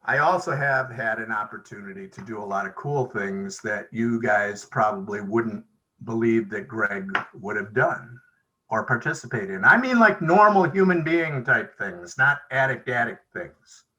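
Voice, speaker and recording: A man's voice: on the low side, lively intonation, a little slow, sharp tone, muffled recording. A man sharing stories at a recovery meeting over a video call, chatty and acting out the dialogue he quotes. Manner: conversational, acts out quoted dialogue. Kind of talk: storytelling share.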